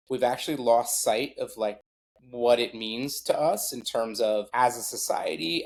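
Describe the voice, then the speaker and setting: A middle-aged man, a guest on a podcast, talking casually about sports in a rambling way full of fillers and self-deprecating asides. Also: mid-range voice. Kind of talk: casual conversation.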